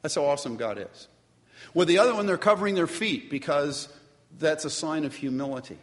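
A man preaching a sermon, animated, addressing the congregation with asides and questions. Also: fairly high pitch, a little fast. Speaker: pastor. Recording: long reverb of a large hall.

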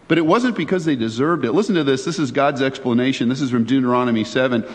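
A man's voice: medium pitch, fast talker, hardly any pauses. A male pastor preaching a sermon in a chatty, conversational way, often asking his listeners questions. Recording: long reverb of a large hall.

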